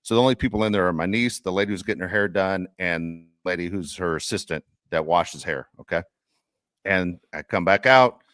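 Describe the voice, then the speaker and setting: A man's voice: deep voice, fairly quick, dry recording, studio quality. A middle-aged man hosting a sports podcast, telling a rambling story in casual chat and getting worked up as he rants. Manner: animated, worked-up ranting. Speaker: podcast host.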